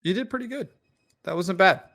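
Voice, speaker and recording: A man's voice: high voice, animated, fairly quick, sharp tone. A man co-hosting a casual livestream podcast, playful and bantering, talking to the chat. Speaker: podcast co-host.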